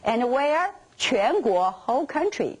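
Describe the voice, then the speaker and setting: A Chinese-speaking woman teaching a language lesson, explaining Mandarin words slowly in careful non-native English. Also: high voice, sing-song, breathy edge, low-quality recording.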